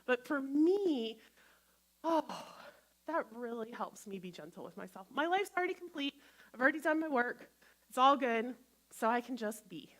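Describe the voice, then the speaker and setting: A woman minister giving a gentle, conversational sermon to a congregation, acting out inner voices as she talks. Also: sits high, animated, moderate pace. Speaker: guest minister.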